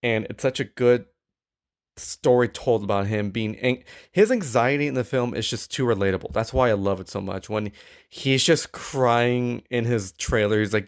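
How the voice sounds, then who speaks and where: A man co-hosting a podcast in casual chat, animated and stammering with quick asides. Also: mid-range voice. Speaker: podcast co-host.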